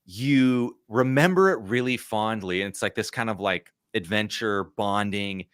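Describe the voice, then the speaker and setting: A man's voice: fairly low pitch, a little slow, a bit bright, smooth, dry recording, studio quality. A man in his thirties, a podcast guest, telling a story in a casual, rambling way full of "like" and "you know".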